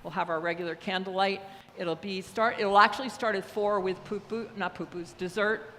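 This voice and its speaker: Older woman, church leader, chatty and rambling, mid pitch, reverberant hall. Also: fairly even intonation, moderate pace, a bit bright, a little hiss or hum. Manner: chatty, rambling, many fillers. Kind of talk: casual church announcements. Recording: echoey hall, faint ambience.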